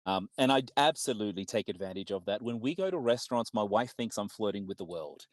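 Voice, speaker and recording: An Australian man commentates a card game tournament in an easygoing, upbeat way. His voice sits on the low side. The recording is close and dry, with no room sound. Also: animated, quick pace, no echo. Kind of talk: casual esports commentary.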